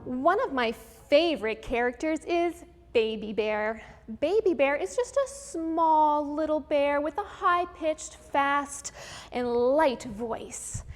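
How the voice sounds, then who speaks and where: A woman hosting a live virtual music lesson for children, explaining each idea clearly and step by step in an upbeat teacher's manner. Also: high voice, lively intonation, slow pace. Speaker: host of a children's music program. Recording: long room reverb with faint background noise.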